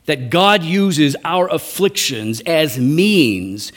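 Male pastor, sermon delivery, chatty and direct, slightly raised pitch. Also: lively intonation, drawn-out words. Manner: conversational, frequent "right?" tags. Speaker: preacher.

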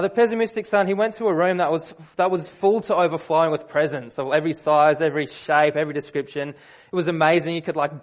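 Chatty man preaching a sermon. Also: fairly high pitch. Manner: conversational storyteller, many fillers and restarts.

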